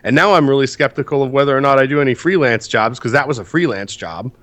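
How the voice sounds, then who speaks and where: A man's voice: mid-range voice, fast talker. A man co-hosting a casual podcast, ranting with lots of swearing, congested from sinus trouble. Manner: profane, ranting, animated storytelling. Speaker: podcast co-host.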